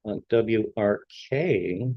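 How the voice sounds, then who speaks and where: A man hosting a trading show reviews stock charts in casual market commentary, his voice fairly low and animated. He's halting, restarting and repeating words as he scans, and the recording has no room sound with the highs cut off.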